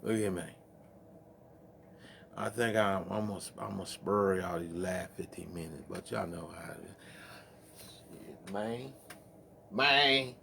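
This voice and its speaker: A man's voice: deep voice, steady tone, unhurried, creaky, long pauses, slight background noise. A man hosting a late-night music stream, rambling in profane, laughing, casual chat between songs.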